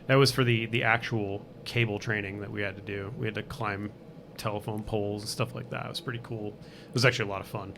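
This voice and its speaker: Guy guesting on a podcast, lowish voice, rambles with lots of likes and ums, slight background hiss. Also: fairly even intonation, fast, creaky. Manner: rambling, full of fillers like "like" and "um". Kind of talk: casual chat.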